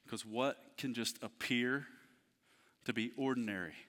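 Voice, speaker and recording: A man in his thirties preaching a heartfelt sermon as pastor to his church, moving between hushed, tender passages and loud, fervent ones. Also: medium pitch, moderate pace. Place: church service in a theater. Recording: long hall reverb.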